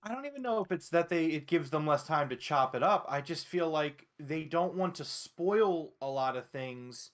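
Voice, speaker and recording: A man's voice: fairly high pitch, lively intonation, moderate pace, few pauses. Give me a blunt, opinionated man co-hosting a casual podcast. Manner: blunt, opinionated, reads chat aloud. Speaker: podcast co-host. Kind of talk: casual wrestling podcast chat.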